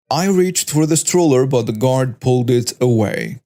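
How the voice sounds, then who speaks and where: A man's voice: medium pitch, lively intonation, normal speed, hardly any pauses, dark tone. A man reading a scripted first-person story with a dramatic storytelling delivery. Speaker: story narrator.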